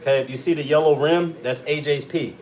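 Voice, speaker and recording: A podcast host tells stories on a casual talk show, his slightly high voice brisk and animated as he swears a lot and acts out his own shouting. The low-quality recording sounds roomy, with a little hiss or hum.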